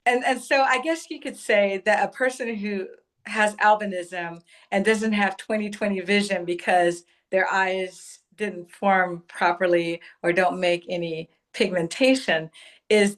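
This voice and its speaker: Woman, interview guest, author, thoughtful, explanatory, mid pitch. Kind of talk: interview conversation.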